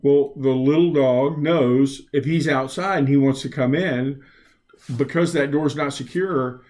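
A man in casual conversation, telling anecdotes in a halting way with many pauses and chuckles. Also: medium pitch, darkish tone. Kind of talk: casual chat.

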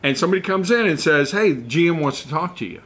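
A middle-aged man and former car salesman, telling a rambling story in casual chat and animated when he quotes others. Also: fairly high pitch, quick pace.

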